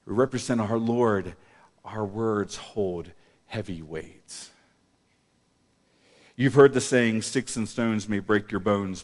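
Animated preacher in an echoing church. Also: male voice, on the low side. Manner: animated, swings between loud emphasis and quiet asides, chuckles. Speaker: pastor. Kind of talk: sermon. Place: church hall. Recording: long reverb of a church hall.

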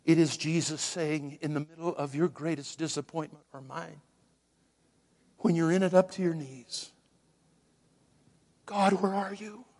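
A male pastor preaches a Christmas-season sermon slowly, his voice a little higher than most men's. His delivery is dramatic: he builds for emphasis, then drops into hushed, whispered lines.

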